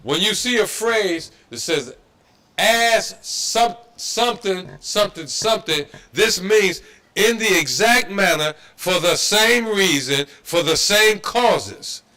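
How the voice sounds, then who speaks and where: A man gives a scripture lecture in a preaching style, his voice pitched a little high and cutting bright and forceful. He talks emphatically, repeats himself, and tosses in mocking asides. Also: animated, slow pace. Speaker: religious history class instructor. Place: Detroit.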